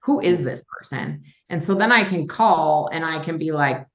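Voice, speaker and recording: A woman's voice: sits low, animated, normal speed, a bit bright. A woman from Minnesota, a real estate investor chatting casually on a podcast and acting out her phone calls as she tells stories. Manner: chatty, storytelling, acts out quoted phone calls.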